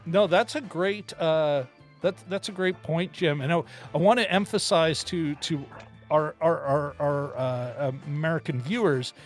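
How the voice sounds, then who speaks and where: Lively higher-voiced male podcast co-host. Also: a little slow, faint music behind. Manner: animated, laughs often while talking. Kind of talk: casual film-discussion chat.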